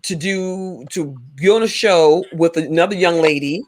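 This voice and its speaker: A woman's voice: lowish voice, measured pace. Woman host chatting, lots of restarts, gets worked up telling a story. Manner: animated storytelling, many restarts. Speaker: podcast host. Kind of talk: casual chat.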